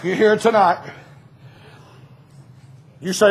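High, gravelly preacher man. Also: normal speed. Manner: storytelling, bursts into shouting. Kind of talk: revival sermon. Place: church.

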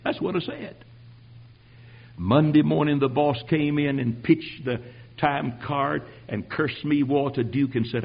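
An older man preaching his own testimony, telling it dramatically and swinging from hushed tones to shouting. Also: fairly high pitch, a little slow, creaky, slightly rough, lo-fi sound. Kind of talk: sermon testimony.

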